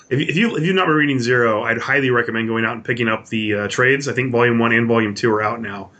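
A man's voice: medium pitch, quick pace, sharp tone. A man co-hosting a casual comics podcast who recaps issues at length in an enthusiastic, rambling way, with plenty of fillers. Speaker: podcast co-host.

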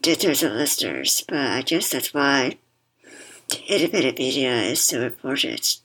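A woman's voice: very deep voice, animated, normal speed, a bit bright, husky, rough recording. A woman guest speaking through a worn mask, thoughtful and reflective, sometimes repeating words. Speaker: podcast guest. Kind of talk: reflective conversation.

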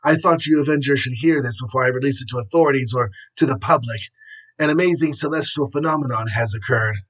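A man reading aloud voices an earnest male astronomer who delivers grave news in a measured, solemn way, with a husky voice. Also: mid-range voice, a bit bright, pitched above the performer's own voice, low-quality recording.

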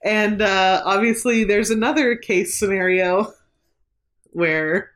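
Slow-speaking woman co-host. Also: mid-range voice. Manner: relaxed, agreeable, laughs along. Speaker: podcast co-host. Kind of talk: casual chat.

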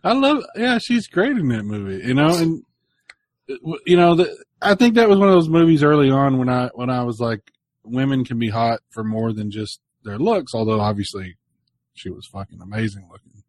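A man co-hosting a podcast in casual chat, animated and swearing, often bursting into loud laughter. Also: mid-range voice, normal speed, no room sound. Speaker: podcast co-host.

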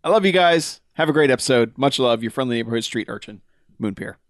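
A man's voice: medium pitch, expressive, quick pace, no room sound, clean studio sound. A man co-hosting a podcast, reading listener emails aloud, laughing often and swearing casually. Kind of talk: casual chat.

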